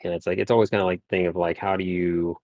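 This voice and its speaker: A man's voice: low voice, flat delivery, quick pace, darkish tone, dry recording. A man chatting casually on a live stream as a guest painter, talking in loose, rambling sentences full of restarts. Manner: rambling, lots of filler and restarts. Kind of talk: casual livestream chat.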